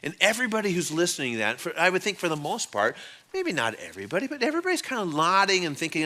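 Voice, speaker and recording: A man preaching a sermon to a church congregation. His voice sits somewhat high for a man and sounds very bright and forceful. He talks in a loose, conversational way and tells the story with lively energy. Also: quick pace. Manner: animated storyteller, acts out quotes in changing voices; conversational, with fillers and restarts. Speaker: pastor.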